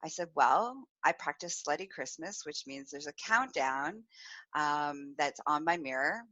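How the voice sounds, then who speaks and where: Animated, laughing woman podcast host. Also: low-pitched, a little slow, lo-fi sound. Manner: animated, laughs often, acts out quoted voices. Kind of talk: live-streamed storytelling chat.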